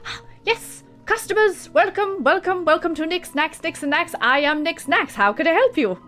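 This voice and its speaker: A woman voicing a flamboyant male tiefling shopkeeper who is fussy and chatty, with a high, fluttery, hesitant delivery. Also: lively intonation, moderate pace, fairly bright tone, soft background music. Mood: welcoming.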